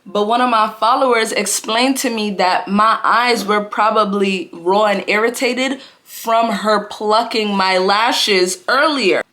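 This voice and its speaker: A woman's voice: medium pitch, slow pace, few pauses, pushed and bright. Chatty young woman telling a storytime. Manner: slangy, chatty, full of "like" and "bro". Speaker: vlogger. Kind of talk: casual storytime vlog.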